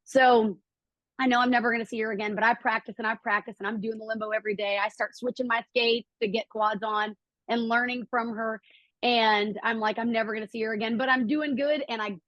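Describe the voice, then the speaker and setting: A middle-aged woman telling a personal story as a podcast guest, acting out quotes with lively jumps in her voice. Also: moderate pace, no room sound, highs cut off. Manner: animated, acts out quotes with lively pitch jumps.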